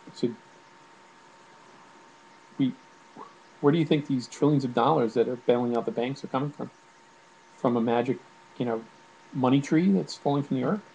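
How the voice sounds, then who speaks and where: A man's voice: mid-range voice, normal speed, gravelly, long pauses, dark tone, a little hiss or hum, poor audio. A man giving casual spoken commentary to camera at home, irritated and ranting, with many fillers and restarts. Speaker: video blogger.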